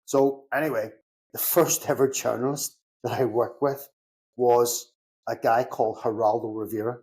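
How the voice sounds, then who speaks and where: A man's voice: medium pitch, normal speed. A middle-aged man with a Belfast accent tells his stories in loose, casual podcast chat. He acts out both voices in each exchange he recalls and swears without much thought. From Northern Ireland. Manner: animated anecdotes, acts out both sides of conversations, swears casually. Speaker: podcast guest, security consultant.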